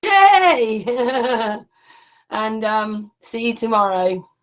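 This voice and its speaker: A woman's voice: on the high side, drawn-out words. A woman co-hosting a casual online show, chatting and thanking viewers as she signs off. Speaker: co-host. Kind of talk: casual chat wrapping up a stream.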